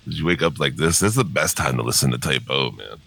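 A middle-aged man with a very deep, groggy morning voice hosts a casual podcast. His tone is bright and cutting despite the low pitch, and his delivery roams widely as he swears and laughs through loose chat. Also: lively intonation, fast talker, creaky. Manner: swearing, laid-back, laughs often. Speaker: podcast host.

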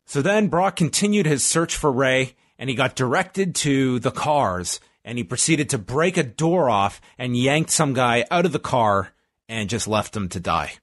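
A man's voice: medium pitch, animated, unhurried, a bit bright, dry recording. A man talks through a recap on a casual podcast, laying out events in order and slipping in dry jokes. His mid-range voice sits close to the mic with no room sound at all. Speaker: podcast co-host recapping wrestling. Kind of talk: casual chat.

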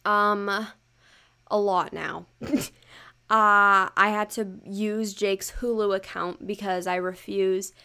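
A woman's voice: medium pitch, fairly even intonation, takes it slowly, bright, forceful tone, clear, resonant tone. A young woman hosting her own podcast, talking in a loose, chatty way. She swears freely, mocks herself and fills her talk with "um" and "like". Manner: chatty, swearing, self-mocking, lots of fillers. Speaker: podcast host. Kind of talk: casual solo podcast chat.

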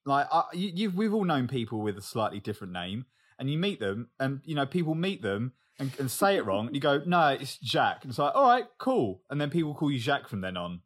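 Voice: mid-range voice, sing-song, fast talker, hardly any pauses. A podcast co-host chatting casually, swearing freely and acting out other people's voices.

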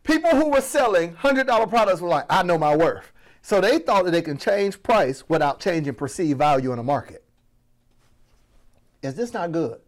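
A man from Florida coaching on business, talking to the audience as family with a playful, animated delivery. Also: high voice, moderate pace. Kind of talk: energetic motivational teaching.

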